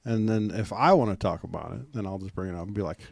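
A man in his forties with a Midwestern American accent, a police officer talking casually on a podcast in a low-key, dry way. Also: fast, creaky, a little mellow, husky, no room sound. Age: 40s.

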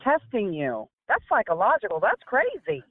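A woman's voice: mid-range voice, huge pitch swings, normal speed, no echo. Woman caller on a tinny line. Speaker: guest caller. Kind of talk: casual chat.

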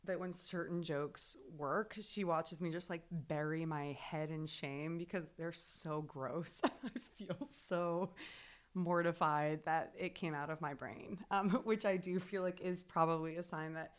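A woman playwright chatting casually about rehearsals, animated and often laughing, with frequent restarts. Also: low voice, measured pace.

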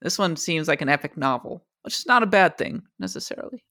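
A woman's voice: fairly low pitch, lively intonation, fast, vocal fry, a bit bright. Wry woman podcast co-host. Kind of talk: casual game discussion podcast.

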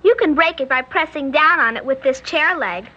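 A woman's voice: high voice, highs cut off. A creepy polite little girl. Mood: calmly sinister. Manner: sweet, prim and unhurried, chillingly calm. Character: eerie polite little girl, coldly menacing. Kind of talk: old-time radio drama acting. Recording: old radio broadcast, faint background hiss.

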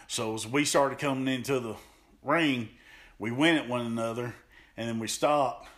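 A man's voice: medium pitch, normal speed. A man, a pro wrestler, animatedly telling stories as a podcast guest and acting out what people said. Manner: animated, acts out quotes, laughs often. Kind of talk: storytelling in an interview.

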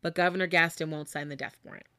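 A woman's voice: low voice, fairly even intonation, fast, bright, forceful tone, no echo. A woman podcast host telling a story in a casual, conversational way, with many fillers. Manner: conversational, with frequent fillers and laughs.

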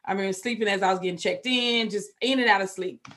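A woman's voice: mid-range voice, fast talker. Candid Texan woman telling her story. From Texas. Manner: candid, emotional storytelling with sudden loud outbursts. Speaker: guest. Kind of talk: personal recovery story.

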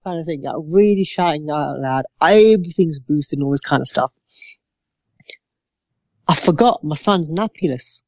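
A man in his thirties, a podcast co-host, telling a lively anecdote with plenty of swearing and acted-out voices. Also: a little high, normal speed, pauses often, no room sound. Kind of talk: casual storytelling. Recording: dry, slightly dull lo-fi sound.

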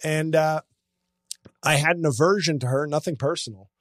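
A man's voice: a little high, moderate pace, a bit bright, no room sound, studio quality. Sarcastic man ranting on a podcast. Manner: sarcastic, ranting, self-mocking. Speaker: comedian podcast host. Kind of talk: casual comedy podcast chat.

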